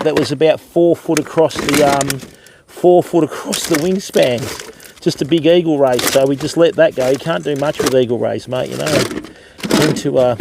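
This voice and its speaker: A man's voice: a little high, gravelly, background noise. An older Australian man chatting casually on a riverside fishing livestream, answering viewers and calling them mate and bud. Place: outdoors by a river.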